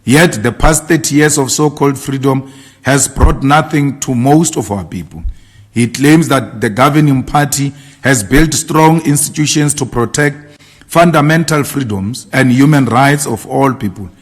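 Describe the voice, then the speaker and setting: A man's voice: mid-range voice, measured pace. A man delivering a formal political statement in a declamatory, repetitive rallying cadence. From South Africa. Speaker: party leader giving a statement.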